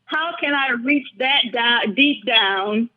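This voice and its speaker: Older woman, high-pitched, earnest interview guest; dull lo-fi recording. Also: takes it slowly. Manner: thoughtful, earnest, speaks with feeling. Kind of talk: reflective personal storytelling.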